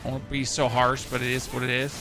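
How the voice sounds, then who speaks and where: A man's voice: medium pitch, completely flat delivery, quick pace. A man in his thirties with a German accent, chatting casually and joking with his chat while streaming a game. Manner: chatty, jokey, answers chat. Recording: music playing behind.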